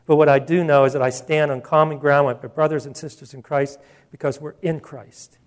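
A man's voice: on the high side, fairly even intonation, a little fast. A male pastor preaching a sermon in an emphatic, conversational way, with asides and restarts.

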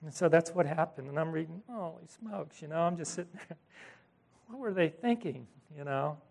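This pastor's voice is fairly high and creaky, and he speaks a little fast. Turning his sermon into lively storytelling, he voices the characters from scripture and drifts into asides, correcting himself along the way.

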